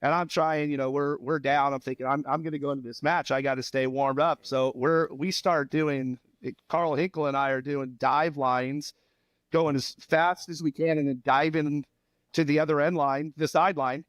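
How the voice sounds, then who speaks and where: A man in his fifties, a former volleyball player, telling animated stories on a podcast with laughs and acted-out quotes. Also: on the high side, moderate pace, no echo. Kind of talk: casual storytelling chat.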